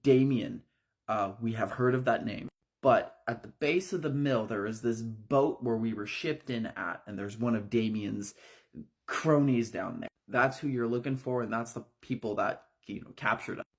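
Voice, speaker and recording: A man doing a frightened young woman, halting. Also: mid-range voice, husky. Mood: earnest.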